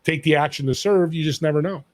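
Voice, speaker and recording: A man's voice: on the high side, fast talker, dry recording. A man on a podcast as a guest, talking in an emphatic, storytelling way about serving others. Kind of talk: motivational interview talk.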